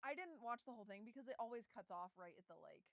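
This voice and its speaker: A woman co-hosting a podcast, retelling a story in casual chat, animated and laughing often as she acts out the quoted lines. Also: on the high side, fast talker, creaky, no room sound, poor audio. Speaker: podcast co-host.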